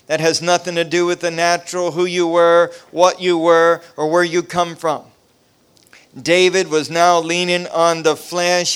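A middle-aged man preaching at a revival, his voice a touch high and clean. He presses his points with rising emphasis, then settles into quieter storytelling. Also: smooth. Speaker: pastor. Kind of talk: revival sermon.

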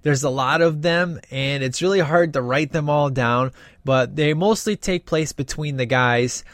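A man's voice: a little high, measured pace, a bit bright, no room sound, studio quality. A man giving a casual, opinionated spoken movie review, rambling with many fillers and restarts.

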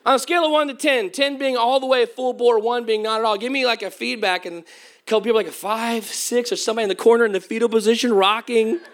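With a very high voice and a fast delivery, this preacher fills his sermon with humorous tales for the congregation. He tells them with real animation, his voice occasionally cracking.

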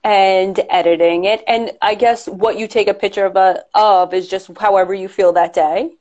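A woman's voice: mid-range voice, steady tone, normal speed, a little mellow, muffled recording. A woman hosting a casual live interview show, chatty and enthusiastic with her guest. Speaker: show host.

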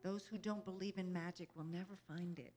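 She speaks briskly in a warm, low-leaning voice with fairly even intonation, giving an inspirational talk to a group. As a spiritual speaker, she's earnest and conversational, often checking in with "you know?" and laughing easily between thoughts.

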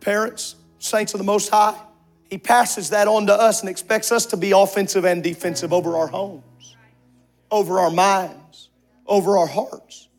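High-voiced preacher with music behind. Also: male voice, little pitch movement. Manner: impassioned, rising to shouts with long drawn-out words. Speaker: pastor. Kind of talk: sermon. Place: church sanctuary with congregation.

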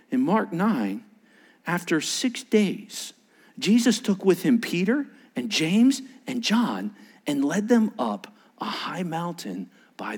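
Animated male pastor preaching. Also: sits high. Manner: animated, acts out quotes in changing voices. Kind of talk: sermon.

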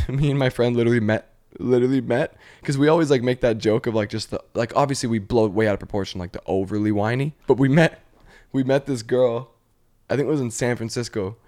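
A young man hosting a podcast, telling stories in a loose, rambling way with plenty of 'like's. His voice sits in a middle pitch and he keeps an everyday pace. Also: steady tone, fast, a little mellow. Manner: rambling storyteller, full of 'like', acts out voices. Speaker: podcast host. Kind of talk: casual chat.

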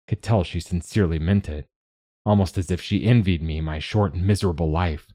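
A man narrating a novel in the first person with measured, steady delivery. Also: low-pitched, no echo. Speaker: audiobook narrator.

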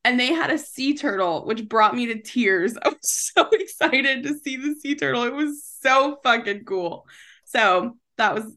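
A woman's voice: on the high side, animated, measured pace, bright, forceful tone. A woman in her thirties co-hosting a podcast, chatting casually, swearing freely and laughing often. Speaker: podcast co-host. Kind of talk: casual chat.

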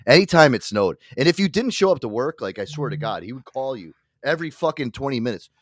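Animated swearing male co-host. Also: medium pitch, fast, no echo, studio quality. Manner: animated, profane storytelling. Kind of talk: casual podcast chat.

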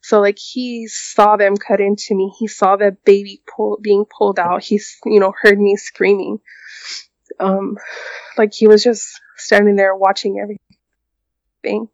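A young woman tells a painful personal story in a halting way, leaning on fillers and restarting her sentences. Her voice sits at an ordinary middle pitch. It is recorded dry and sounds a little muffled. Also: level tone, darkish tone, no echo. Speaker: guest recounting a personal experience.

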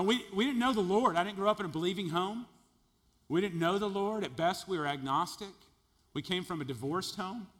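Middle-aged preacher telling his testimony, voice in the middle range, lively swings from loud to hushed, long hall reverb. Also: medium pitch. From Texas. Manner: animated storytelling, swings between loud jokes and quiet earnest passages. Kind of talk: sermon testimony.

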